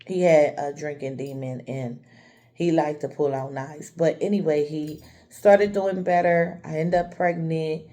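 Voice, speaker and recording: A vlogger from the Chester, Pennsylvania area candidly tells her own life story, speaking straight to her viewers in a personal storytelling vlog. Her voice is deep and warm, with fairly even intonation and a slightly slow pace.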